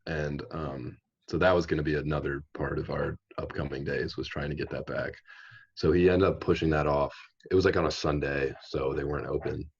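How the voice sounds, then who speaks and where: A young man with an extremely low, husky voice tells a story in a loose, rambling way with plenty of "like" and "um". He is a guest on a casual podcast, recorded with dull, lo-fi audio. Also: fairly even intonation, a little fast. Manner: rambling, laid-back storytelling with many fillers.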